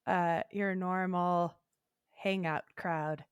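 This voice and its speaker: A young adult woman co-hosting a podcast, telling a casual story with lively acted-out quotes and casual swearing. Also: fairly low pitch, takes it slowly, clear, resonant tone, no room sound, clean studio sound. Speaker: podcast co-host.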